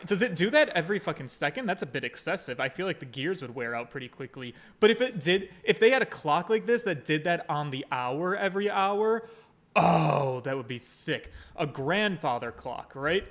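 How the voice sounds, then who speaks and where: Bright, animated joking male streamer. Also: fairly high pitch, normal speed. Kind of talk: casual game commentary.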